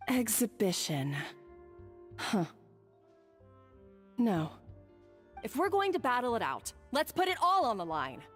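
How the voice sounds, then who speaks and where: An actress playing a proud, defensive young head chef in a game, curt and combative. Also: female voice, on the high side, huge pitch swings, takes it slowly, pauses often, full character voice. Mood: defiant. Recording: reverberant game audio with music.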